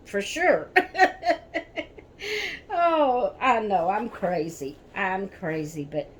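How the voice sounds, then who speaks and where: A woman's voice: medium pitch, sing-song, extremely slow, a little hiss or hum. A woman vlogging to camera about her dolls, rambling and repeating herself, addressing viewers as guys. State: shaken, near tears. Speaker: doll collector vlogger. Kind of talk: casual chat to camera.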